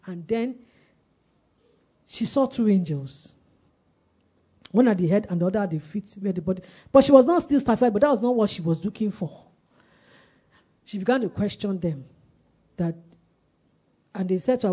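A woman's voice: mid-range voice, lively intonation, normal speed, dark tone, slightly rough, lo-fi sound. A woman preaching a sermon, calling on the congregation to repeat her phrases and driving points home through repetition. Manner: call-and-response, repeats phrases for emphasis.

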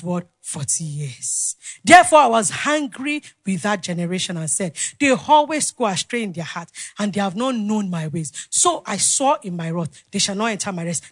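A woman preaching a sermon, asking the congregation questions and swinging between loud exclamations and quiet asides. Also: high voice, no echo.

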